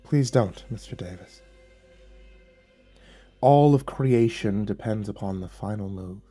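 A man voicing a gentle, sorrowful angel. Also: fairly low pitch, breathy edge, faint music behind. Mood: solemn, gentle. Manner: soft, solemn, slow and pleading. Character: gentle male angel messenger, sorrowful and patient.

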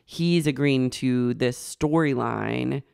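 A man's voice: medium pitch, takes it slowly, vocal fry, darkish tone, smooth, no echo, studio quality. A man co-hosting a podcast, chatting casually about a reality show and acting out quotes. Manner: chatty, acts out quotes in raised voices. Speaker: podcast co-host.

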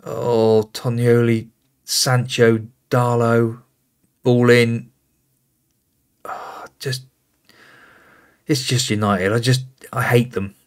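A man narrates his football management game in an unhurried, drawn-out way. He calls out player names as the play develops and reacts with weary exasperation. His voice sits at an ordinary middle pitch. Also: little pitch movement, clean tone. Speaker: gaming host. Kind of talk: casual game commentary.

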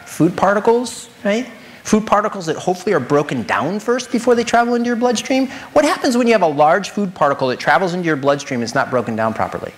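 A high-voiced man lectures as a nutritionist, animated throughout. He keeps throwing out rhetorical questions and talks straight to the audience.

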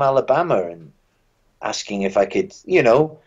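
A British musician guest in a casual interview, telling dry, wry anecdotes with frequent restarts. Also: male voice, medium pitch, expressive, normal speed, lo-fi sound. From Britain.

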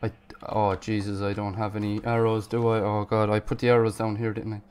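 A man giving casual gameplay commentary, panicking, swearing and yelling at enemies. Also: fairly low pitch, little pitch movement, a little fast, clear, resonant tone. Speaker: gaming YouTuber.

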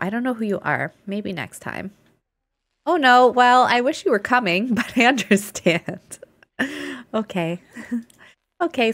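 A woman's voice: medium pitch, a bit bright. A chatty woman streaming a life-sim game, narrating what she sees with little laughs. She talks straight at her characters in a friendly, easygoing way, as if they could hear her. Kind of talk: live gameplay commentary.

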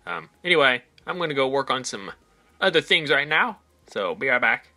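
A man's voice: mid-range voice, lively intonation, moderate pace, sharp tone. A man casually narrating his own game as he plays, rambling with frequent ums and little laughs. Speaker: gaming channel host. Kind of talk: casual let's play commentary.

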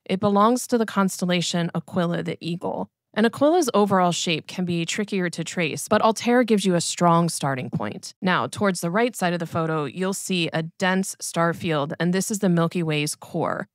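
Casting: female educator, lowish voice with vocal fry, calm scripted narration, dry close sound. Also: moderate pace, few pauses, no room sound. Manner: calm, clear instructional delivery. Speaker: astronomy educator.

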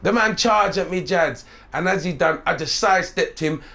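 A middle-aged man from St Vincent a lilt, telling his life story in an interview in a lively, swearing way and acting out the voices he quotes. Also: sits high, moderate pace, creaky. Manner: animated, streetwise, swearing, acts out quoted voices. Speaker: interview guest.

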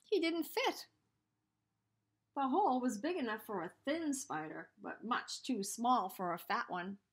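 A woman teacher reading a storybook aloud to children, expressive, with hushed asides. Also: on the high side, unhurried, breathy edge.

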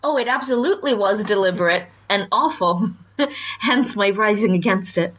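A woman co-hosting a casual podcast chat, opinionated and quick to laugh. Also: mid-range voice, animated, fairly bright tone, dull audio. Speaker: podcast co-host.

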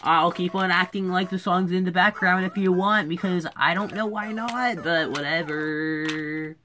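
A woman's voice: lowish voice, unhurried, bright, forceful tone, slight background noise. A woman giving casual commentary while playing a video game, muttering, repeating herself and scolding the game when it goes wrong. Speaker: gaming YouTuber. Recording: game music behind the voice.

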